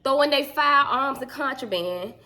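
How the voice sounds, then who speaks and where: A woman telling a story in a casual chat, animated and slangy. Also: high-pitched, moderate pace.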